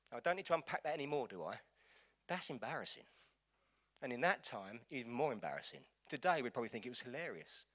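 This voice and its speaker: Pastor preaching in church, bright forceful voice, keeps firing questions at the crowd. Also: male voice, mid-range voice. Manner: impassioned, urging, rhetorical questions. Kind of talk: sermon.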